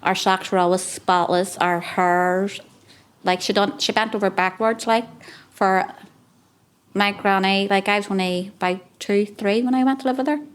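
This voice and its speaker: A woman's voice: mid-range voice, steady tone, normal speed, clear, resonant tone. A woman with a Belfast accent who reminisces about her childhood in a chatty, rambling way, with many small fillers. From West Belfast. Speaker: carer sharing memories. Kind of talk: reminiscing on a podcast.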